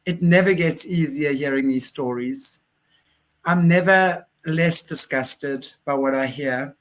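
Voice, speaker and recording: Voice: medium pitch, slow, rough recording. An interview host talking in an earnest, impassioned way, often restarting sentences. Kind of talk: casual interview chat.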